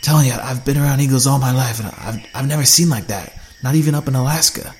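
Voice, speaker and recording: A man's voice: medium pitch, fast, a little mellow, a little hiss or hum, close to an everyday voice. A man voicing a shaken male survivor who talks in a panicky, stammering way. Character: shaken male survivor, lifelong eagle watcher.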